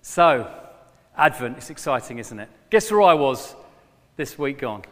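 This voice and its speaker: A middle-aged man preaching a sermon to his former church, telling a story with lively bursts when he plays a character. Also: mid-range voice, a little slow. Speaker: former pastor, guest preacher. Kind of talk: sermon with a joke. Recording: long hall reverb.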